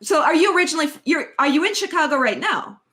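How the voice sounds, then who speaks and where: A woman hosting a casual radio interview, friendly and quick to laugh. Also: sits high, animated, pushed and bright. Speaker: radio show host.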